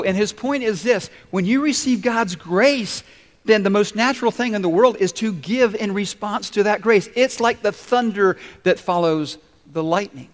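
A male pastor preaching a sermon to his congregation in an animated, playful way, acting out little asides. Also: sits high. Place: large church hall. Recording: reverberant church hall. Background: congregation responding.

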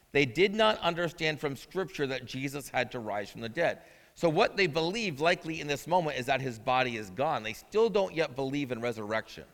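High, bright-voiced male pastor preaching. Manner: conversational preaching, asks the audience questions. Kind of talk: sermon. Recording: long reverb of a large hall.

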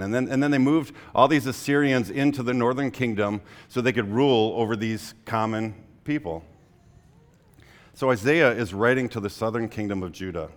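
A young adult man preaching a sermon as a pastor, in a relaxed conversational way, full of fillers, telling personal stories. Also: mid-range voice, moderate pace. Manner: conversational, frequent "like" fillers, storytelling. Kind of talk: casual sermon.

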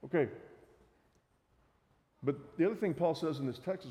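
A man preaching a sermon, reading Bible passages aloud and explaining them with measured emphasis. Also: on the high side, expressive, dark tone. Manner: reads scripture aloud, then teaches. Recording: reverberant hall.

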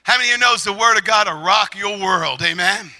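A middle-aged man preaching a lively testimony sermon, shouting and animated, acting out quotes as he tells the story. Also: high-pitched, brisk, rough recording.

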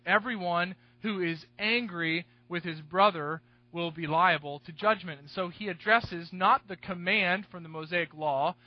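A male pastor delivering an expository sermon in a fairly high voice. He hammers key words with sudden force, then sinks into quiet, confiding asides. The recording is dry and a little dull, with little sense of the room. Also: no echo. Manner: emphatic, swinging between loud stresses and hushed asides.

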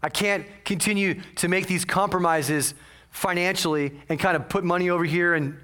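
A male senior pastor preaching a sermon in church, animated, swinging between quiet asides and loud exclamations and acting out his congregation's voices. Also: high-pitched. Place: church sanctuary.

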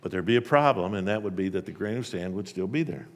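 A man's voice: low-pitched, expressive, quick pace. Man preaching in a reverberant hall. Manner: emphatic storytelling, shifting loud and soft. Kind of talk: sermon.

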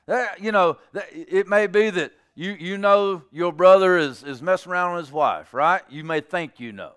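A man preaching a sermon to his congregation in a folksy, plainspoken way. He jokes with the listeners and swings from low, soft phrases to loud, high bursts. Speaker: pastor.

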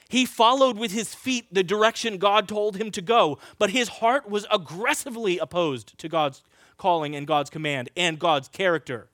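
Man preaching, high voice, dry close sound, animated storyteller. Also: no room sound. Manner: animated storytelling, acts out scenes. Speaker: pastor. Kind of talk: sermon.

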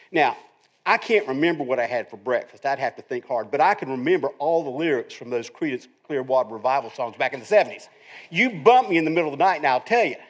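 A middle-aged man preaching a sermon as a pastor, in a conversational, joking teacher's tone. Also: fairly high pitch.

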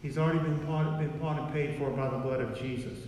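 A man's voice: medium pitch, steady tone, brisk, a little mellow, slight background noise. A man preaching a sermon in a repetitive, emphatic way, recorded in a church. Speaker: pastor. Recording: echoey hall from far off.

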